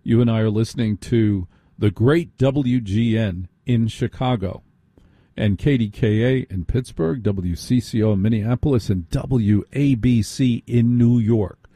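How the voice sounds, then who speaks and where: Man, late-night radio host, dark mellow voice, slightly husky, dry close studio sound, repeats himself for emphasis. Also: medium pitch, measured pace, no room sound. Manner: conversational, repeats phrases for emphasis, asks listeners rhetorical questions. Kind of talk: radio monologue.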